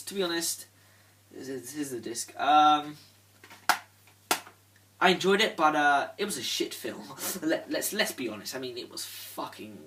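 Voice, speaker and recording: A young man rambling casually in a disc collection vlog, swearing a lot and filling pauses with ums. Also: fairly high pitch, fairly bright tone. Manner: rambling, swears often, lots of fillers. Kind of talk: casual unscripted chat. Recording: voice from a distance off the mic.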